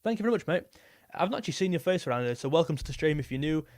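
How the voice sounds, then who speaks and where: A man's voice: on the high side, expressive, rapid-fire, darkish tone, no room sound, clean studio sound. A young man hosting a live football stream, chatting casually and rambling as he reads out viewer messages. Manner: rambling, repeats himself, reads super chats aloud.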